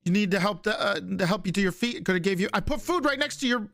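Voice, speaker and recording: A man's voice: high voice, animated, fast talker, creaky, fairly bright tone, no echo, studio quality. A man playing a police officer in an in-character roleplay argument, defensive and stammering.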